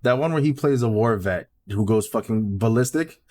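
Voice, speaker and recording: A man guest co-hosting a podcast, relaxed and opinionated in casual chat, swearing now and then. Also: mid-range voice, moderate pace. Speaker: guest co-host.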